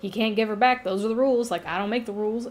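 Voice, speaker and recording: A woman's voice: mid-range voice, rapid-fire, natural voice. A woman playing a flippant, bossy male king of the gods who talks offhand and swears. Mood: dismissive. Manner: offhand, profane, dismissive.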